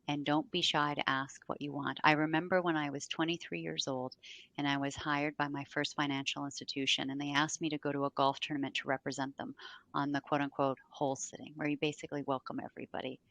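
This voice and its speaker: A middle-aged woman, a sales executive and podcast guest, telling stories in an animated, emphatic way and acting out the dialogue. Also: sits low, fast talker. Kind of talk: interview storytelling.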